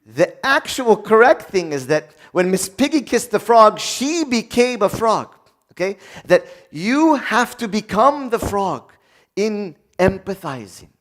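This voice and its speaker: A man delivering a sermon with a lively, swooping delivery that sits a touch high for a male voice. He acts out quick back-and-forth dialogues and jokes with the congregation. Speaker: preacher.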